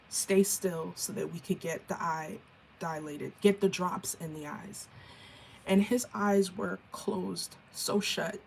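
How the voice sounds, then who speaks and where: A woman's voice: medium pitch, creaky, a little mellow, a little hiss or hum. A woman vlogger and mother telling an emotional personal story to camera, earnest and candid, in a chatty way full of fillers. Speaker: vlogger and mother of an autistic child.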